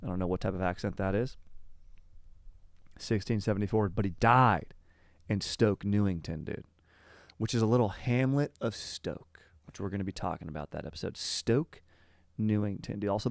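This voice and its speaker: Slangy, laid-back young man, low voice. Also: brisk, gravelly, no echo, studio quality. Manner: slangy and laid-back, says "dude" constantly, wanders off topic. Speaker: podcast host. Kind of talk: rambling casual history chat.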